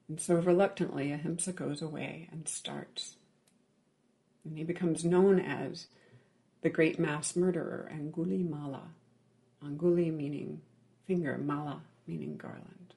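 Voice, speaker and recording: This meditation teacher relates a legend in a Buddhist dharma talk, with a medium-pitched, steady, creaky and warm voice. The pacing is measured and heavy with pauses, punctuated by "right?" check-ins, and key words drop almost to a whisper.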